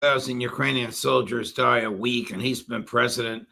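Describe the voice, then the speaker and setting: A man's voice: medium pitch, steady tone, moderate pace, gravelly, pushed and bright. A male host of a political interview show, making indignant and sarcastic asides.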